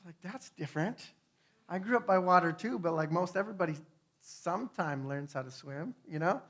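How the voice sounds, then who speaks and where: A man giving a conversational testimony sermon, earnest, swinging between hushed and fervent, with frequent tag questions. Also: sits high, animated, brisk. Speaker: speaker.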